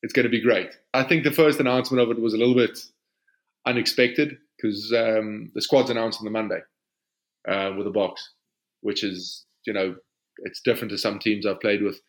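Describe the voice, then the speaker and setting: A South African rugby player, an Afrikaans speaker, answering questions in a casual podcast interview in an easygoing way. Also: male voice, fairly low pitch, normal speed. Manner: relaxed, easygoing answers with frequent "you know".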